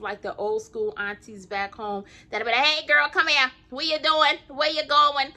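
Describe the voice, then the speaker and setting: A woman's voice: on the high side, pushed and bright. A woman with a Southern US country accent, chatting casually and encouragingly to camera about her crochet work, laughing often. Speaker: crochet vlogger.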